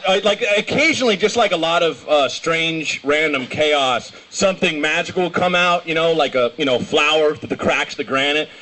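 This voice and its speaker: High-voiced rambling young stand-up comic. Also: male voice. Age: young adult. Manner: rambling, animated storytelling with shouted impressions. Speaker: stand-up comedian. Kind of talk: stand-up comedy set. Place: small comedy show venue.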